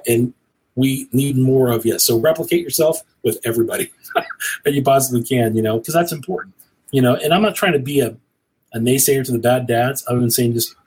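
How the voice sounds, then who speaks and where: A man's voice: mid-range voice, breathy edge, low-quality recording. A middle-aged man talking earnestly and rambling a little, like a preacher, as a guest on a cigar show. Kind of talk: casual conversation.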